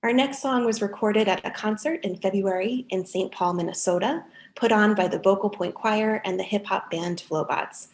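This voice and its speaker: Woman worship leader, mid pitch, measured and earnest delivery. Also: reverberant, a little hiss or hum. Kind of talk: reflective service reading.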